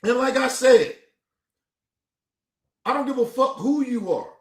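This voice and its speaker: A man's voice: very high-pitched, expressive, a little slow. A man hosting a stream, reacting to a clip in a heated, profane rant full of repetition. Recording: echoey room.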